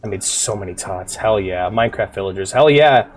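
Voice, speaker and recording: A man's voice: fairly low pitch, a little fast, faint music behind. Man rambling casually on a game stream. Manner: rambling, profane, chatty with chat. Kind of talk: casual gaming stream chat.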